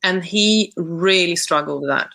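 Low, gravelly-voiced woman guest; crisp bright tone; hesitant, reflective talker. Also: measured pace, rough recording. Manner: hesitant, thinks aloud with many restarts. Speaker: podcast guest. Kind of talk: reflective conversational interview.

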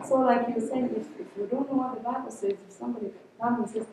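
Female class member, hesitant, high voice, noisy ambient room. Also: steady tone, fast talker. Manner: hesitant, searching for words. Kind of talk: class discussion. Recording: distant, echoey room mic.

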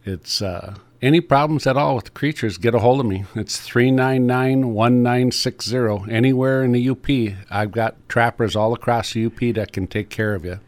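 A man's voice: medium pitch, moderate pace, few pauses. A middle-aged man, a trapper chatting on the radio in a folksy, rambling way with many fillers. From Upper Peninsula of Michigan. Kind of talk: casual radio chat.

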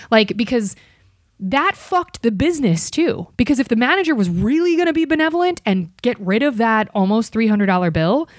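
A woman podcast host telling a story in a casual, animated, profane, jokey way. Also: on the high side, no echo, studio quality.

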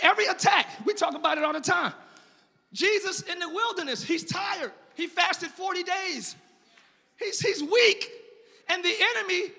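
High, bright, shouting male preacher. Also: creaky, long reverb tail. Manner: impassioned, swinging from quiet sarcasm to shouting. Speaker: pastor. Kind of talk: sermon. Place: church sanctuary.

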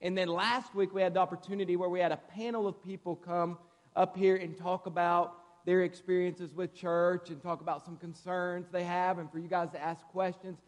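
A man preaching as a guest speaker in a church, with a lively, conversational style and playful asides. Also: sits high, normal speed. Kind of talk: sermon. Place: church sanctuary. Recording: reverberant hall.

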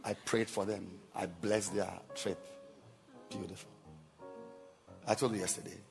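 A man's voice: low voice, unhurried, vocal fry, over loud music. A man preaching as a bishop, telling stories animatedly and acting out dialogue with many repetitions. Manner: animated, acts out dialogue, repeats words. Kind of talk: sermon storytelling.

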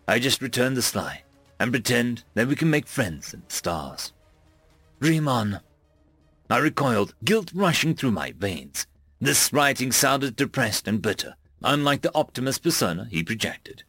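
A man narrating first-person fiction in an expressive reading voice. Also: mid-range voice, dry recording. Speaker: audiobook narrator.

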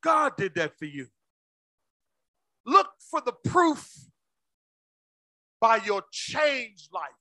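A male pastor preaching a sermon with call-and-response, swinging between shouts and low asides. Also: very animated, extremely slow, pauses often, no echo.

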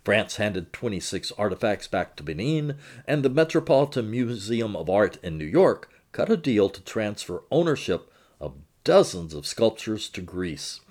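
A man reporting and narrating his own magazine feature in a measured, expressive storytelling manner. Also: on the low side.

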